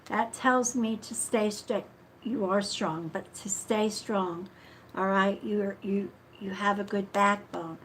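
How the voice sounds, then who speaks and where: A woman hosting a live-streamed psychic reading who speaks softly and affectionately, calls viewers sweetheart, and often apologizes and trails off mid-thought. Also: mid-range voice, steady tone, takes it slowly, slight background noise, poor audio. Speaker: psychic reader.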